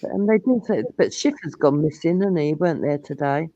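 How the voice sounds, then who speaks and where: A middle-aged woman with a Cockney accent, hosting a casual live-stream chat, telling animated stories and swearing freely. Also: low-pitched, fairly quick, no room sound. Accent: London Cockney. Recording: dull lo-fi stream audio.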